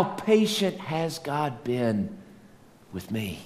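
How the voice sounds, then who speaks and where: A middle-aged man preaching a sermon, animated, swinging between loud peaks and soft low asides, with self-mocking humor. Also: moderate pace. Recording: long hall reverb, faint ambience.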